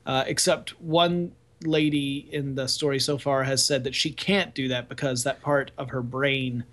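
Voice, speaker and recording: A man's voice: medium pitch, steady tone, normal speed, a bit bright. Laid-back joking podcast guy. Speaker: podcast co-host. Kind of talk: casual chat about TV shows.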